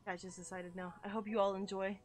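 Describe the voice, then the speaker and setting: Young female streamer, excitable and chatty, mid-pitched voice, game music underneath. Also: quick pace. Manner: excitable, gushing, squeals and laughs, chats with viewers. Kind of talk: live game-stream chat.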